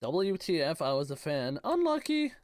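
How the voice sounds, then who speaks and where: A young man from Canada talks over a live game stream, teasing his viewers and reacting quickly. His voice sits a little high and swings widely up and down. Keyboard typing clicks in the background. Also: sing-song, no room sound. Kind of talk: casual live-stream commentary reading chat.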